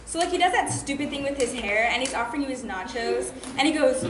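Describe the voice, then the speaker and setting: A young woman delivers an exasperated comic monologue, mocking and complaining. Her voice is very high. She sounds echoey, with a little background hiss. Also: expressive, fast talker, few pauses. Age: teens to young adult. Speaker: student performer. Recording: echoey room, faint noise.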